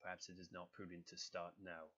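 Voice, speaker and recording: A man's voice: monotone, brisk, bright, forceful tone, slightly rough, lo-fi sound, full character voice. A man voicing a grave, grumbling warrior god. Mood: solemn. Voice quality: low grumbling, very serious delivery. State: sick, slightly nasal. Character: stern godlike male warrior prince, grave and proud.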